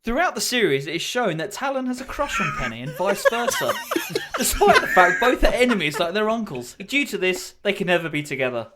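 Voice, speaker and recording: A man's voice: sits high, big pitch swings, brisk, few pauses. A man co-hosting a podcast, reading aloud through giggles in casual chat. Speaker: podcast co-host. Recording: loud background noise.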